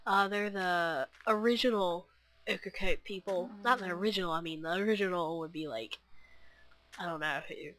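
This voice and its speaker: A woman's voice: fairly low pitch, normal speed, a bit bright. A young woman chatting to camera in a scattered, rambling way, full of fillers and restarts. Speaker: vlogger. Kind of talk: rambling casual chat.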